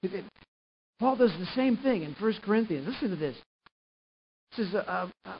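A man preaching a sermon and retelling a gospel story, swinging from quiet narration up to loud, emphatic passages. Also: high voice, expressive, moderate pace, pauses often. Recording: muffled lo-fi recording with faint hiss.

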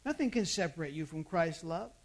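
A pastor delivering a sermon, moving from loud emphatic bursts to hushed intimate asides and asking the congregation rhetorical questions. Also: mid-range voice, lively intonation, fairly quick.

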